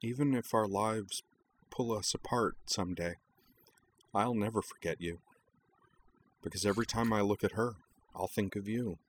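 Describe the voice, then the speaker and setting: A man voicing a tender, heartbroken young woman in a story reading, speaking softly and tearfully. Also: lowish voice, normal speed, pauses often, slight background noise, close to an everyday voice, poor audio. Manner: soft, quiet, tearful delivery.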